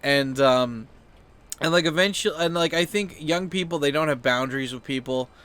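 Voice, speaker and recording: A man's voice: moderate pace, smooth. Rambling man telling a story. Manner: rambling, heavy use of "like" and fillers; acts out quoted people with sudden high, loud outbursts. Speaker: channel host. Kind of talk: casual storytelling rant.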